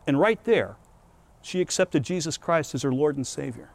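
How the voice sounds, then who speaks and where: A man preaching a sermon, telling a personal story in an earnest, emphatic, lively way. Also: a little high, moderate pace.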